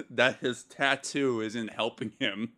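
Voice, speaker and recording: A man's voice: medium pitch, takes it slowly, bright, forceful tone. A man co-hosting a casual podcast, mocking a movie with sarcastic, profane remarks and frequent laughs. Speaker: podcast co-host. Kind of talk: casual movie review chat.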